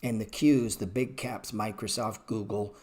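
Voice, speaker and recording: Measured in pace and a little mellow, this man's somewhat low, fairly even voice leads a live trading class online. He curses freely, talks through stock charts casually, and bites back at chat viewers.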